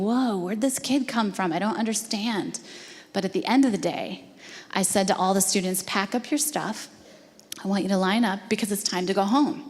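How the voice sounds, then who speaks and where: A woman telling an earnest, emotional story to a live audience at an education talk. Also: mid-range voice. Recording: long hall reverb.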